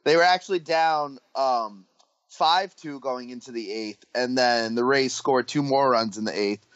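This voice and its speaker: A man's voice: medium pitch, unhurried, fairly bright tone, no room sound, dull audio. Casual man rattling off baseball stats. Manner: rattles off stats with filler restarts. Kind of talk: casual sports chat.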